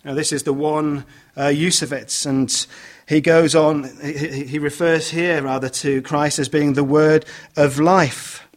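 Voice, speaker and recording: A man with a slightly high voice delivering a sermon. He speaks in a measured, unhurried way, pausing on frequent fillers and restarting phrases as he reads and explains scripture. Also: level tone. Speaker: preacher.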